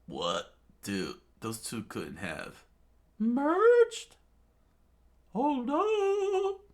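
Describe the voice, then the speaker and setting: A man's voice: lowish voice, slow, bright, forceful tone. A man voicing a carefree young male pirate captain in a laid-back, dude-style manner. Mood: easygoing.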